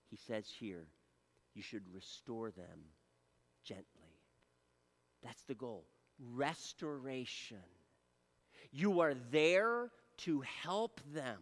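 Earnest pastor with a lively, high voice. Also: male voice, big-room sound. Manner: earnest preaching, swings from loud appeals to soft near-whispers. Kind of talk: sermon. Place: church.

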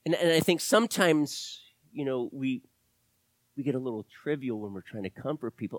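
A middle-aged male pastor preaching a sermon, animated, swinging from loud exclamations to hushed, whispered asides. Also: medium pitch, a little fast, no room sound.

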